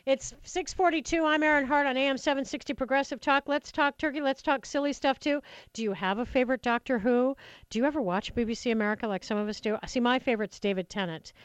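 A woman hosts a radio talk show and chats away with real enthusiasm. Her voice sits a bit high and sounds close and dry on the studio mic. She throws in quick asides as she goes. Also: clear, resonant tone, no room sound, rough recording. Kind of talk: talk radio chat with callers. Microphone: studio microphone.

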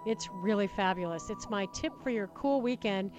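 A woman hosting a talk radio show, chatty and enthusiastic, with quick asides, speaking into a studio microphone. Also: mid-range voice, a little mellow, faint music behind, poor audio. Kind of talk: talk radio chat with callers.

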